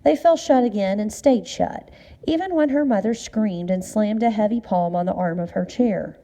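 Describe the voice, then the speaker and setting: A woman calmly narrating a short story. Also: mid-range voice, moderate pace. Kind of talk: storybook reading.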